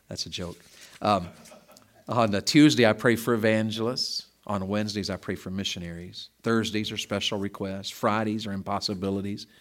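A middle-aged man, preaching a sermon in a folksy, conversational way, with loud bursts of emphasis. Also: on the low side, fairly even intonation, moderate pace.

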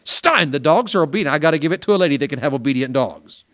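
A man's voice: on the high side, animated, fast. Folksy revival preacher man. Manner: folksy, storytelling, rising to loud emphatic peaks. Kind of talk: revival sermon. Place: small church.

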